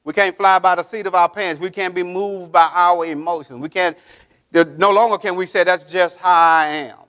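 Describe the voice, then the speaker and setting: High-voiced man preaching a sermon. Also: steady tone, normal speed, fairly bright tone. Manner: preaching with call-and-response questions to the congregation; emphatic, repeating key phrases. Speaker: pastor. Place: church sanctuary.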